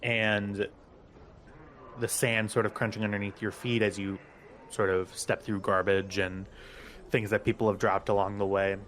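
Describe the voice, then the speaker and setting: A man narrating as game master of a tabletop game, unhurried, with many ums and casual asides. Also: on the low side, flat delivery, a bit bright.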